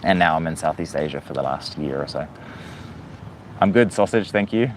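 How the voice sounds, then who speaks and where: Deep-voiced New Zealand man musing on a livestream. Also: expressive, moderate pace, slight background noise. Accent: New Zealand, softened. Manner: reflective, hesitant with many fillers and restarts. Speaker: livestream host. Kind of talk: casual livestream talk to viewers.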